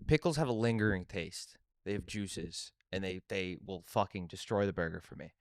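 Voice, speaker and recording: A man co-hosting a casual podcast, telling an animated story full of swearing and laughs. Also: sits low, moderate pace, clean tone, no room sound, studio quality. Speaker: podcast co-host.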